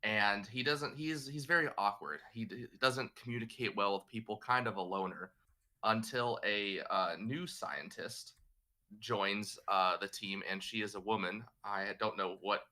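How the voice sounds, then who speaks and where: Low bright-voiced man, hesitant delivery. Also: moderate pace. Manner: hesitant, many fillers. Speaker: podcast guest. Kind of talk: improvised comic pitch.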